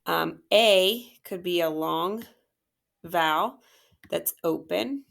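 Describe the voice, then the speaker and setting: Slow, gravelly-voiced woman teaching phonics. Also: lowish voice, a bit bright. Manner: patient, encouraging, sounds out words slowly. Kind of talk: phonics lesson walkthrough.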